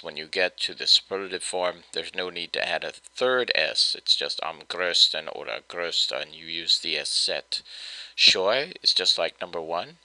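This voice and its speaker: A man's voice: deep voice, bright, forceful tone, dry recording, low-quality recording. A man teaching German grammar in a patient, step-by-step way, with the odd filler. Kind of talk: explanatory lesson.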